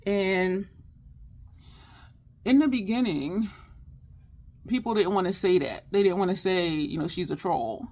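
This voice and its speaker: A woman's voice: mid-range voice, measured pace, long pauses, darkish tone. A woman hosting her makeup channel, chatting casually and upbeat while doing her look, speaking straight to her viewers in an affirming way. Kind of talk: casual makeup tutorial chat.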